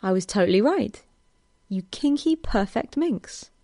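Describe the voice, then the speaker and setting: Woman reading as a teasing young man, eager and breathless, slow steady delivery, dry close sound. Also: mid-range voice, no echo. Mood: flustered.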